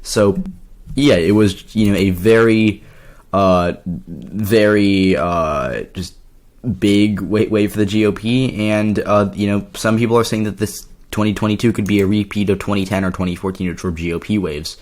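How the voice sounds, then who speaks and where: A man with a slightly hoarse voice, talking casually through an election map with lots of fillers and restarts. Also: fairly low pitch, fairly even intonation, moderate pace, darkish tone. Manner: rambling, filler-heavy, self-correcting. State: slightly hoarse from yelling at a party. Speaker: political commentary YouTuber. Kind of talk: casual explainer commentary.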